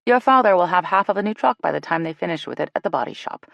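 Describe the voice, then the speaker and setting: A woman's voice: fairly low pitch, animated, fast, gravelly, dry recording, pitched above the performer's own voice. A woman doing a dramatic nosy mother. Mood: chatty.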